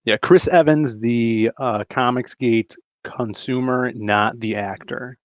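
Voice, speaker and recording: A male host chatting casually with a guest, agreeable and quick to back him up. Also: mid-range voice, steady tone, no echo. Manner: agreeable, frequent short affirmations. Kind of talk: casual interview chat. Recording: dry, dull lo-fi sound.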